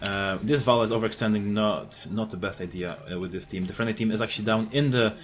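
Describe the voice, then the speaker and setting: A man giving live commentary over his own gameplay, explaining his moves, getting excited and swearing at enemies, with frequent fillers and restarts. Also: lowish voice, quick pace.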